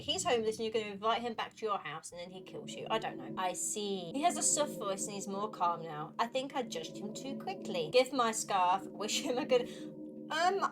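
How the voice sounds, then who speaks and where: Chatty young female gamer, reads a game's text aloud and comments between lines; slightly high voice, game music in the background. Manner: chatty, reads dialogue then comments with quips. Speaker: gaming YouTuber.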